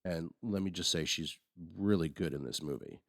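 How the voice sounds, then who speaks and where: A man with an extremely deep voice talks through a movie review in a loose, rambling way, often restarting his sentences. The recording is dry and close, with no room sound. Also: moderate pace, no echo. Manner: rambling, frequent restarts and fillers. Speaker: podcast co-host. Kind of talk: casual movie review chat.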